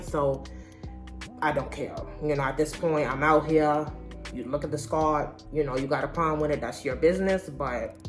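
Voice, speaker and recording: A young woman with a notably deep, low voice tells her own story straight to the camera. Her talk is candid, slangy and conversational, like a casual vlog. Soft music plays faintly behind her. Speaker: vlogger.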